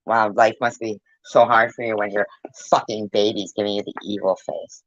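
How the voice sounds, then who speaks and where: A woman's voice: extremely low pitch, level tone, normal speed, no echo, muffled recording. A woman giving angry reaction commentary on a clip, scolding and cursing with blunt insults.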